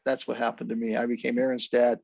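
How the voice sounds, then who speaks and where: Laid-back man with a gravelly voice. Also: medium pitch, quick pace, no echo, muffled recording. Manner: laid-back, even-keeled storyteller. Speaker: drummer, interview guest. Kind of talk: casual interview conversation.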